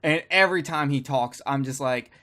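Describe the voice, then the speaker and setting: A man's voice: medium pitch, normal speed, sharp tone. A man co-hosting a podcast, rambling and joking crudely in casual banter with friends. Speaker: podcast co-host.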